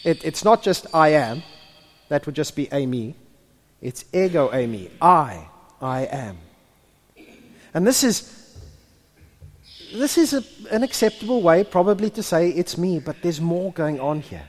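A man delivers a sermon in a church hall, his voice pitched high for a man. He swings between impassioned, near-shouted passages and quiet, hushed ones. A long reverb trails each phrase. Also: sing-song, unhurried, pauses often, soft background music. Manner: builds to impassioned, near-shouted peaks, then drops to hushed tones. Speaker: pastor.

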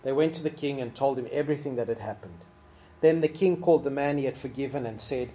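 A preacher giving a sermon in a relaxed, conversational way with fillers, now and then acting out the people quoted. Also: mid-range voice, fast talker.

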